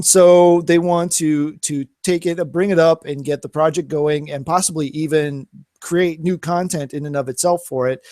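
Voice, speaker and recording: A man's voice: fairly high pitch, darkish tone, no echo. A man co-hosting a gaming podcast, chatting casually with lots of fillers and restarts. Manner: rambling, many fillers and restarts. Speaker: podcast co-host.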